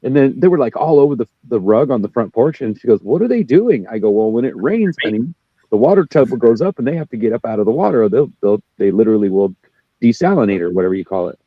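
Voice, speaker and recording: Man, casual chat, quick rambling rant, profane, dry lo-fi audio. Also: big pitch swings, no echo. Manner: profane, ranting, quick, jumps up in pitch when worked up.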